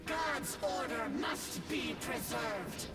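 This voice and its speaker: An actor voicing a stern divine angel commander in a video game, proud and unyielding, with a slow, solemn, commanding delivery. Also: medium pitch, expressive, gravelly. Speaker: game character. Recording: game audio over loud music.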